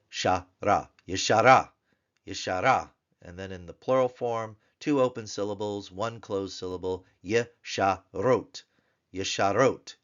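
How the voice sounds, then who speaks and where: Low-voiced male tutor, patient drill-style delivery, muffled lo-fi recording. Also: fairly bright tone. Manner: slow, drawn-out repetition of words for drilling. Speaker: Hebrew grammar teacher.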